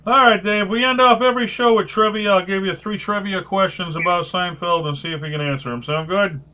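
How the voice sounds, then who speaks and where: A male podcast host with a bright, forceful, slightly high voice, telling animated stories and reading listener notes in casual chat. The sound is a little dull and lo-fi. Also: a little fast. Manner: animated storyteller, reads listener comments.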